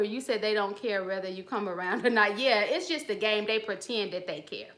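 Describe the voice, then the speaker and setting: A woman's voice: medium pitch, normal speed, few pauses, fairly bright tone. A woman hosting a live stream from her phone, casually and bluntly preaching advice in slangy talk while greeting viewers in the chat. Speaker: channel host giving advice.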